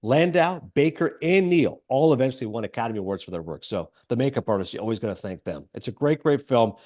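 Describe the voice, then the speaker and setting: A man hosts a film podcast in an easygoing, enthusiastic way, mixing read-out trivia with his own quick remarks. His voice sits at an ordinary middle pitch for a man. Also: expressive, a little mellow. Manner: enthusiastic, reads trivia aloud with asides. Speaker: podcast host. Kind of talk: casual film podcast chat.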